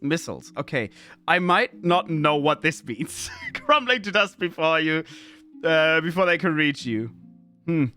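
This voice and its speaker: A man's voice: on the high side, lively intonation, measured pace, sharp tone, clean tone, soft background music. A man, streaming a game in chatty commentary, often laughing and reading game text aloud. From Austria. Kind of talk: gameplay commentary.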